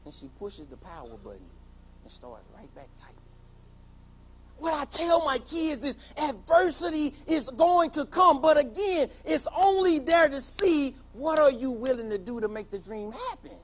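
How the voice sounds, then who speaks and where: A man, a teacher, giving a passionate motivational speech, telling stories and building to emphatic shouts. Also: extremely high pitch, very animated, moderate pace.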